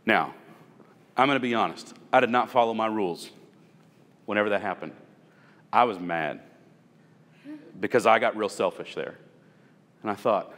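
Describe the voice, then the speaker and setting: A man runs a supervisory training session in a large hall, telling stories from his own work and posing rhetorical questions to the group in a conversational workplace talk. His voice is on the low side, a bit bright and lively, fairly quick but with long pauses.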